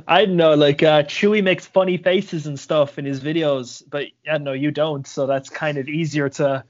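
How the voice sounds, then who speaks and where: A man in casual chat, an animated storyteller who swears freely. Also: on the high side, normal speed, lo-fi sound.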